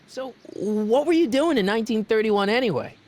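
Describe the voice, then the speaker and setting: A man's voice: high voice, expressive, darkish tone. An actor playing a laid-back, curious teenage boy in a video game. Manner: casual, quick reactions. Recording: game audio with faint background music.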